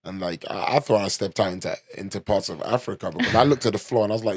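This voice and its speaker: London podcast host, young man, casual profane storyteller, low voice, dry close mic. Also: fast, breathy edge, no room sound. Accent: London English. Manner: loose and swearing, full of "like" and "you know".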